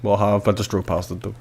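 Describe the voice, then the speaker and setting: A man's voice: fairly low pitch, gravelly, a little mellow, slightly rough. A man with a West Belfast accent chatting while he plays a game online, joking about himself and swearing freely. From West Belfast, Northern Ireland. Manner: jokey, self-mocking, swears freely. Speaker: gaming streamer. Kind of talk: casual chat while playing online.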